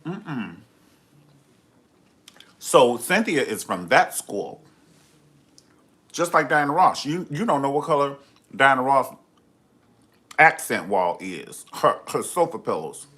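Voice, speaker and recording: Sassy, campy man with a lively voice. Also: mid-range voice, slow, long pauses. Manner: sassy, campy, gossipy and theatrical. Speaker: host of a live review show. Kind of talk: live-streamed reality TV review chat.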